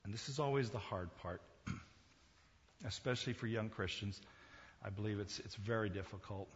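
A male pastor giving a sermon, swinging from quiet talk to loud, emphatic preaching. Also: fairly low pitch, normal speed, big-room sound, dull audio.

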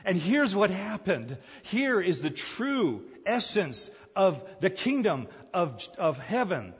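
A man preaching a sermon, telling the story in an animated way, acting out the crowd's voices and laughing often. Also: sits high, measured pace, breathy edge, big-room sound, muffled recording.

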